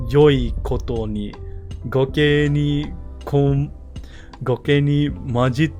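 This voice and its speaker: A man voicing a scheming male go player from ancient Japan, loudly and sharply accusing his opponent. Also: mid-range voice, lightly acted. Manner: loud, sharp, theatrical accusation.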